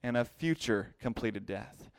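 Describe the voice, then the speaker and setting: A man's voice: mid-range voice, lively intonation, unhurried, gravelly, dry recording. Male Bible teacher at a whiteboard; explanatory, repeats key terms; close, dry sound. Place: classroom with a whiteboard.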